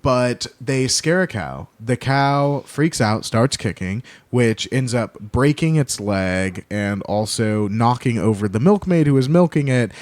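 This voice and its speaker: A man with a lively, swooping voice co-hosts a casual podcast. He talks in quick bursts, and the recording is dry and close. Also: medium pitch, no echo. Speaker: podcast co-host. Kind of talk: casual chat.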